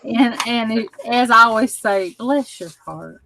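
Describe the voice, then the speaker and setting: A woman hosts a relaxed crafting stream and chats with friends in a fairly high voice. She talks slowly, drawing out her words, and laughs easily. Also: a little hiss or hum, rough recording. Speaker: host of a crafting live stream. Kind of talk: casual chat on a live stream.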